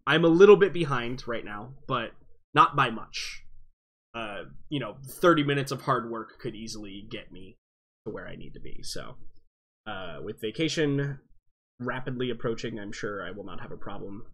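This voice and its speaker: A man's voice: mid-range voice, moderate pace, a bit bright. A man chatting casually about his week in a loose, rambling way with many fillers. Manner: rambling, filler-heavy catch-up talk. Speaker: game master and stream host. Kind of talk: casual chat before a game session.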